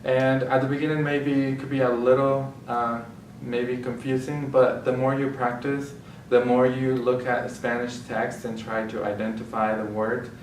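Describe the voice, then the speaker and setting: A man's voice: medium pitch, level tone, normal speed, slight background noise. A man patiently explaining a language lesson step by step, correcting himself as he goes. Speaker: Spanish teacher. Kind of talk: classroom explanation. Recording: echoey room, mic far off.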